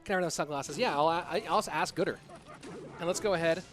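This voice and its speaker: A man's voice: fairly high pitch, brisk, a bit bright, slight background noise. A man in his thirties casting a live online game match and chatting casually with his viewers. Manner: casual, chatty, reads donations aloud. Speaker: esports caster and streamer. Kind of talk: live esports commentary and chat.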